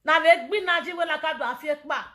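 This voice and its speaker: A woman with a Nigerian accent rants for social media in a very high, bright, forceful voice. She talks loudly and slips into chanting and laughter. The echoey room rings around her phone recording. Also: fast talker. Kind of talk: animated social media rant.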